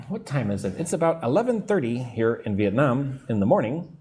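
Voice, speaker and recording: During a live English lesson online, a man with a medium pitch, big pitch swings and a slightly mellow tone breaks down grammar step by step. He answers viewers' comments too, speaking in a slow, patient teacherly way.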